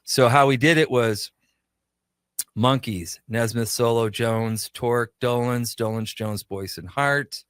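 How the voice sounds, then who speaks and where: He speaks slowly with medium pitch and a fairly bright, clean tone on a dry recording. A Minnesota radio show creator and guest, he tells casual studio anecdotes, voicing the dialogue.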